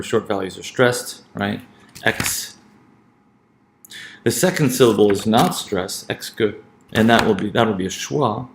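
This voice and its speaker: A man lecturing on pronunciation with a low, gravelly voice. He talks his way through each point, restarting phrases and checking in with "right?". The sound has a roomy echo. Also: slight background noise. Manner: thinking aloud, many restarts and checking "right?". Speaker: teacher. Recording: echoey room.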